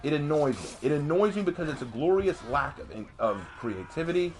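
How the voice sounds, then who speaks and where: A young adult man ranting on a live stream in a casual, emphatic way, jumping up in pitch during heated outbursts. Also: fairly quick. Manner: animated, emphatic, voice jumps high in outbursts. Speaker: streamer and commentator.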